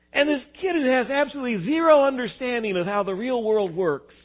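A man preaching a sermon, animated, swinging between quiet reflection and loud emphasis. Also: very high voice, fairly quick. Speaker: pastor. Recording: tinny phone-like sound.

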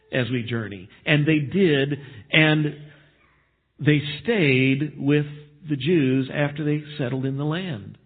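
A man's voice: on the high side, husky. A man preaching a sermon, reading scripture aloud and explaining it with emphasis. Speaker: pastor. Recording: tinny phone-like sermon recording.

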